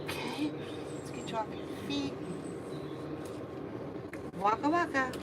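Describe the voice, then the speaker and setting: A woman's voice: high-pitched, slow pace. A woman cat groomer chatting on a livestream in a grooming salon, cooing and humming to the cat as she works. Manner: coos and hums to the cat. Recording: loud background noise.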